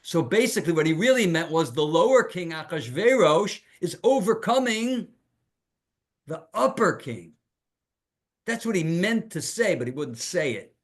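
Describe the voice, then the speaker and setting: A male rabbi giving a Torah lecture, animated and emphatic, asking rhetorical questions and sprinkling in Hebrew terms. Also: high voice, moderate pace.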